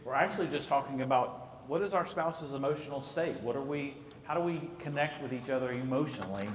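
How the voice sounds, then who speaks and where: A man's voice: medium pitch, brisk, slight background noise. A man giving a conversational church talk on marriage, mixing in anecdotes. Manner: conversational, tells anecdotes, acts out quotes. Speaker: marriage counselor. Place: church hall. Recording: echoey hall, faint ambience.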